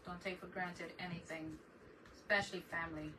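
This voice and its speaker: A middle-aged woman hosts a crafting live stream, chatting casually and greeting viewers by name. Her voice is fairly low, steady in tone, and brisk. The mic sits at a distance, picking up noticeable background noise.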